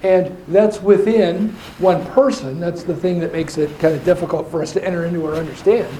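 A man with a fairly high but mellow voice explains ideas in a thoughtful way, drifting off on side paths and slowing down to stress key points. The room around him is echoey and carries a faint hiss. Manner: thoughtful, digressive, with slowed emphasis. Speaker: teacher. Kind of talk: explaining faith in a discussion.

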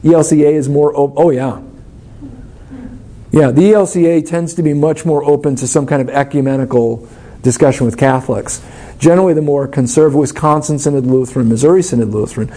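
A man's voice: on the high side, brisk, dark tone. A man leading a church study class, explaining things in an informal, thoughtful and wry way while answering questions.

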